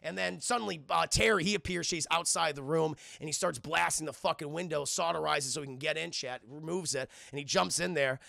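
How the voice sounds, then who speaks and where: A man recapping a cartoon episode to his live chat, excitable and heavily profane. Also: a little high, a little fast, creaky, few pauses, no echo, clean studio sound. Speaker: streamer and cartoon reviewer.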